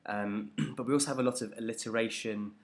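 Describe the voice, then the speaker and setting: A man's voice: medium pitch, steady tone, fast talker. A man teaching a poetry analysis lesson, talking it through unscripted and hesitant, with many ums and restarts.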